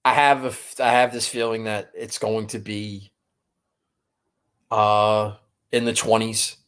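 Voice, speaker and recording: Fired-up, swearing golf betting host. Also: male voice, fairly low pitch, flat delivery, slow pace, a bit bright, clear, resonant tone. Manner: frustrated, profane, rambling. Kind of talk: casual chat.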